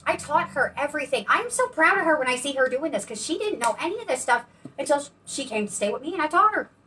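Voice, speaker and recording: A woman's voice: high voice, expressive, quick pace, bright, forceful tone. Chatty bubbly woman co-hosting a painting demo. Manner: chatty, bubbly, rambling with restarts. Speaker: co-host of a painting channel. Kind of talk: casual chat while demonstrating paint pouring. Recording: distant mic with faint background noise.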